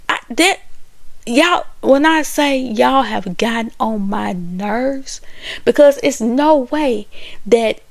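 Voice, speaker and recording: A woman giving casual, animated commentary on a reality show, sounding exasperated and acting out the dialogue she quotes. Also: sits high, gravelly, no echo.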